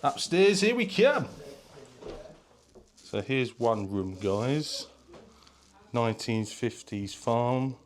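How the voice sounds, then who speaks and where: A man vlogging a casual walking tour of an open-air museum, chatty and excitable, talking straight to his viewers. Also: medium pitch, very slow, long pauses. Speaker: travel vlogger. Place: visiting an open-air museum, indoors and outdoors.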